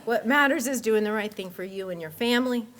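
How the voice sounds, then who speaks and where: A woman math teacher telling lively, laughing anecdotes in a memorial tribute. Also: fairly high pitch, brisk.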